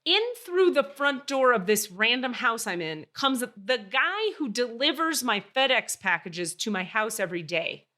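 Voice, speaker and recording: A woman hosting a podcast, telling a story in casual chat, animated and swearing freely. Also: a little high, measured pace, few pauses. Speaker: podcast host.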